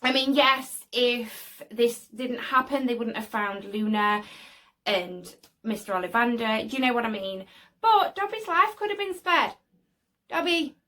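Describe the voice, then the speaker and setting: A woman's voice: fairly high pitch, measured pace, a bit bright. A woman giving casual, opinionated fan commentary to her channel, leaning on "obviously" and "right?" as she talks. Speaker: video creator.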